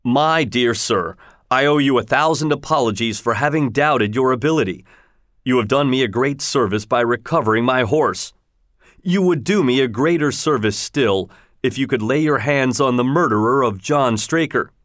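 A man's voice: medium pitch, moderate pace, a bit bright, dry recording, clean studio sound, lightly acted. A man reading the part of an indignant older colonel who owns a racehorse, exclaiming in outrage and bewilderment. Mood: apologetic.

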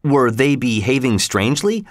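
A man voicing a nervous male chorus master who talks in a hushed, evasive way. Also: medium pitch, big pitch swings, moderate pace, no room sound, clean studio sound, close to an everyday voice.

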